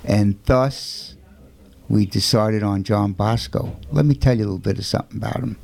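A man's voice: lowish voice, vocal fry, a little mellow. A man telling a saint's story on a talk show, emphatic, with rhetorical questions.

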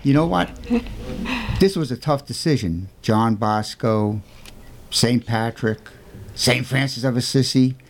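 A man's voice: mid-range voice, measured pace, long pauses, a little hiss or hum. A man telling a saint's story on a talk show, emphatic, with rhetorical questions.

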